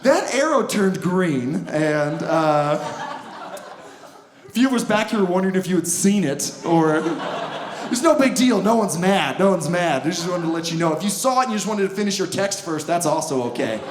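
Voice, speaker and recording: A young man doing a stand-up comedy set on a club stage, sarcastic and animated, acting out bits in exaggerated voices. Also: fairly high pitch, moderate pace. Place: comedy club stage before a laughing audience. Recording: roomy stage sound with audience noise.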